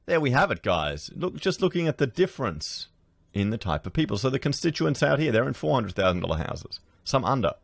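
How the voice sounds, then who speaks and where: Sarcastic low-voiced Australian man. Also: creaky, no room sound, clean studio sound. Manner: chatty, sarcastic, addresses viewers as guys. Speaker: political commentator. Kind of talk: casual commentary while browsing listings.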